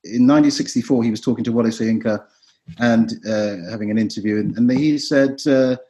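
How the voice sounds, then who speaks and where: A middle-aged man, an actor and writer, talking as a podcast guest in an animated, theatrical way. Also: mid-range voice, a little fast. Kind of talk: podcast discussion.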